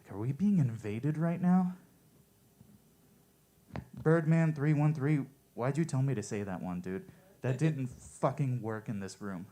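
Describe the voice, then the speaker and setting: A man performing stand-up one-liners at a coffee shop open mic, with a deadpan, offhand delivery. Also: mid-range voice, a little slow, long pauses.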